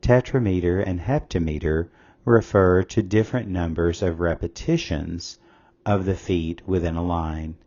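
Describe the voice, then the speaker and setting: A man reading a scripted test-prep lesson as a tutor, reading questions and answer options aloud in a measured way. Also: low voice, dark tone, muffled recording.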